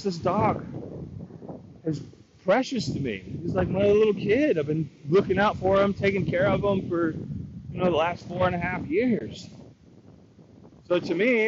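Rambling man venting over noisy lo-fi audio. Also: high-pitched. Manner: rambling, frustrated, quotes himself in dialogue. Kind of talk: casual storytelling rant. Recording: lo-fi with loud background noise.

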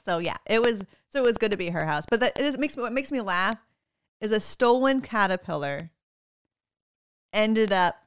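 A woman casually telling an animated parenting story, quoting her children and laughing often. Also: medium pitch, moderate pace, clean tone, no echo, studio quality. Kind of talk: casual chat.

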